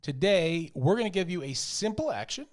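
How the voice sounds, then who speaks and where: A man's voice: high voice, very animated, normal speed. Rambling man co-hosting a podcast. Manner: rambling, self-deprecating, laughs often. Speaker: podcast co-host. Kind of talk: casual chat.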